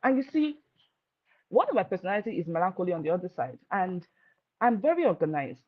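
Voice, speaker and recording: A married woman giving informal marriage advice, telling stories with lively delivery and acting out what people said. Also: fairly low pitch, fast. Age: adult, married. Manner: lively storytelling, acting out quoted voices. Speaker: marriage speaker. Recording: dull lo-fi sound.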